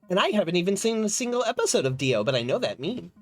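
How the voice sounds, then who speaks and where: Animated laughing game streamer. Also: mid-range voice, fast talker, soft background music. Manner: animated, laughs often, restarts sentences. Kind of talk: casual live-stream chat while playing.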